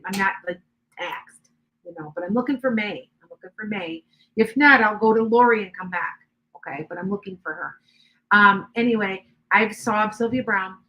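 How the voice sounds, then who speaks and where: A woman's voice: mid-range voice, pushed and bright, slight background noise, low-quality recording. Older lady psychic chatting on her live stream, rambly, lots of restarts. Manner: rambling, chatty, with many restarts and asides to viewers. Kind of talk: casual live stream chat.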